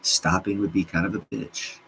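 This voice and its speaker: Man, very deep voice, livestream host, rambling profane chat, excitable, faint background hiss. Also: normal speed, creaky, rough recording. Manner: profane, excitable, jumps between topics. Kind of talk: casual rambling rant.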